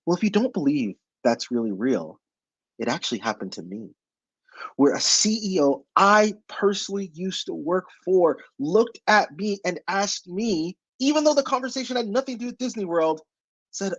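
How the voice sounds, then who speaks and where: Husky-voiced man giving an emphatic presentation. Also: sits high, animated, normal speed, fairly bright tone, no echo, highs cut off. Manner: emphatic, many rhetorical questions. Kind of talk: motivational webinar talk.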